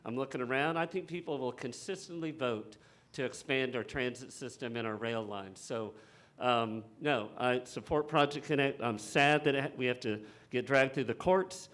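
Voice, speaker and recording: A man, a council candidate, answering at a forum in a heated, halting way with many fillers. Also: mid-range voice, a bit bright.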